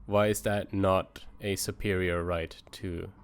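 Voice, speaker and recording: A man co-hosting a podcast, asking measured questions about a philosophy book with pauses. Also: deep voice, little pitch movement, smooth. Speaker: podcast co-host. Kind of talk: casual book discussion.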